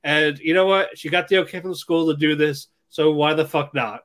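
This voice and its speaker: A man's voice: a little high, fairly even intonation, normal speed, fairly bright tone. A young man co-hosting a podcast, joking and laughing through casual banter. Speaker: podcast co-host. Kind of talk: casual chat.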